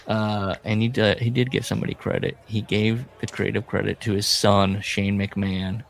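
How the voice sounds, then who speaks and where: Gravelly low-voiced man, rambling podcast chat. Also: fairly even intonation, unhurried. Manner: rambling, storytelling, laughs often. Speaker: podcast co-host. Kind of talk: casual comedic chat.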